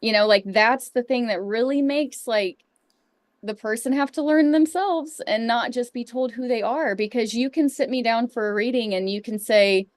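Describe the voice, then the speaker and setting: A woman's voice: a little high, normal speed, no room sound. A woman co-hosting a casual chat who gushes enthusiastically about the designs. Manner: gushing, enthusiastic. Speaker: co-host.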